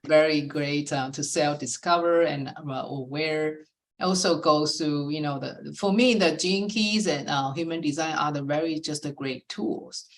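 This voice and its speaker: Low-voiced woman hosting a talk show. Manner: soft, halting phrasing with frequent affirmations. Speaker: podcast host. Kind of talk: casual chat.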